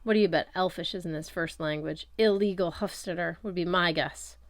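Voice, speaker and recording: A woman's voice: fairly low pitch, moderate pace, no room sound, studio quality, natural voice. A woman voicing a contemptuous male elf police officer who speaks with an old-fashioned aristocratic manner. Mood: mocking. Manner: old-fashioned aristocratic 1930s-style speech.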